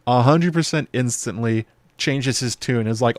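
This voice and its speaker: A man hosting a video show, talking through a TV episode in loose, chatty commentary full of fillers and quick playful impressions. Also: mid-range voice, no room sound. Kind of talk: casual episode breakdown commentary.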